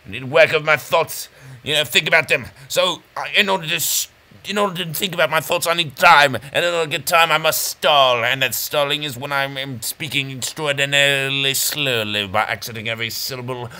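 A man's voice: on the high side, fairly even intonation, a little fast, pushed and bright. A man giving casual, rambling, self-mocking commentary over a brain-training game. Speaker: gameplay commentator.

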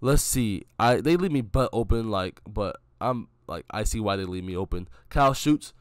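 A man's voice: lowish voice, animated, normal speed, smooth, no echo, studio quality. A young man giving casual, joking play-by-play commentary over his own game footage, hyping a friend and mocking himself.

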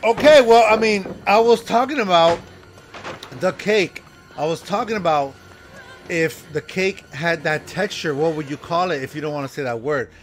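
A man streaming a horror game, reacting with loud exclamations and frequent laughter. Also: fairly high pitch, normal speed, faint music behind, low-quality recording. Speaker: livestreamer. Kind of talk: excited gameplay commentary.

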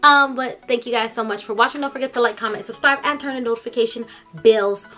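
Bright, high-voiced young woman vlogger. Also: fast talker, faint music behind. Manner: animated, slangy, chatty. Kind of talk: casual storytelling. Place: room in her parents' home.

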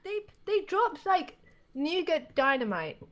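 A young woman co-hosting a casual game session, playful and gently teasing. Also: very high-pitched, very animated, takes it slowly. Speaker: co-host of the gaming show. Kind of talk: casual co-op gameplay chat.

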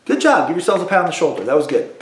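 A man's voice: fairly high pitch, sing-song. A man teaching a beginner cello lesson to children, leading call-and-response drills with patient repetition. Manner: slow, patient, repeats drills for kids. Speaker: school music teacher. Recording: echoey room.

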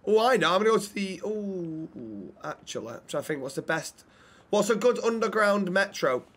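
A man with a high, animated and fairly bright voice streams a roleplay game at normal speed. Laid-back, he chats casually with other players and viewers and thanks subscribers during this casual gaming and roleplay talk.

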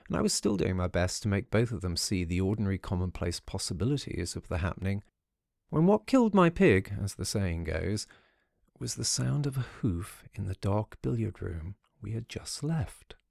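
A man narrating a first-person ghost story audiobook in a measured storytelling manner. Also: lowish voice, sing-song, vocal fry, darkish tone, dry recording, clean studio sound.

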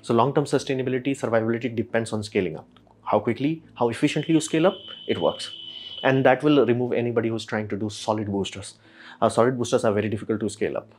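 A man, casually explaining rocket industry news as a channel host and acting out quick imagined exchanges. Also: medium pitch, fairly even intonation. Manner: rapid, filler-heavy, acts out imagined dialogue.

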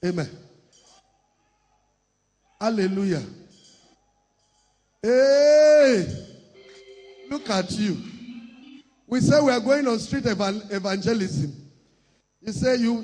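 A man preaching a sermon, shouting and half-singing in bursts, mocking others in put-on voices. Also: extremely high pitch, lively intonation, slow pace, long pauses, breathy edge, in a large hall, faint music behind.

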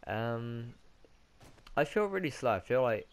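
A man's voice: medium pitch, big pitch swings, a little slow. A man with a British accent giving casual let's-play commentary, rambling and correcting himself as he goes. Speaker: gaming commentator.

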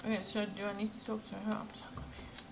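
A woman's voice: mid-range voice, monotone, quick pace, gravelly, background noise. Woman muttering through a game. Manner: swearing, laughing asides, muttering. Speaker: gamer. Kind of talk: casual let's-play commentary.

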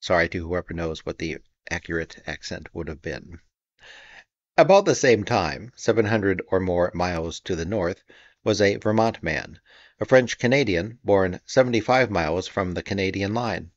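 Measured male audiobook narrator, low and dry. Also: dry recording, highs cut off. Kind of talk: scripted narration.

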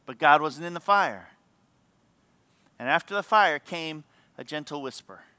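A male pastor delivers an earnest, emphatic sermon in a high, bright voice. His speech is smooth and crisp. The sound is dry, with no room echo. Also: expressive, a little slow.

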